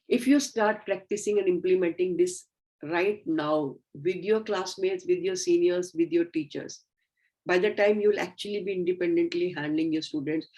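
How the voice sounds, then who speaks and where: A middle-aged woman giving a recorded lecture to medical students, earnest and instructive, often pausing on fillers. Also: on the low side, darkish tone, rough recording.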